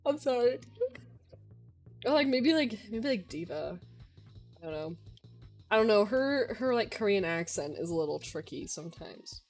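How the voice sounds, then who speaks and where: A woman's voice: on the high side, expressive, measured pace, soft background music. A young woman streamer in a casual Q&A chat, talking in a chatty way with lots of filler words.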